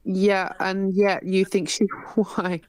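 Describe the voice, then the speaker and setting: A woman's voice: medium pitch, flat delivery, slow, crowd noise. A woman hosting an online debate stream, questioning participants and asking them to explain. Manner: questioning, repeatedly interrupting to ask why. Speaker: stream host moderating.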